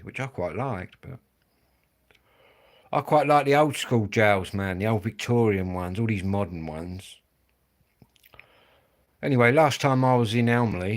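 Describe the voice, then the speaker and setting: A middle-aged man with a Kent accent, chatting casually and rambling with viewers on a livestream, swearing and dropping blokey slang. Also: medium pitch. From England. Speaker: livestream host.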